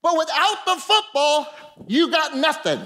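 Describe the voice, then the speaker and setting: A male preacher with a strikingly high voice delivers a fired-up sermon to his congregation. He builds up to loud, ringing shouts and keeps calling on the listeners to answer back. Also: animated, measured pace. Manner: impassioned preaching, bursts of shouting, calls to the congregation. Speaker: pastor. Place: church service with a congregation.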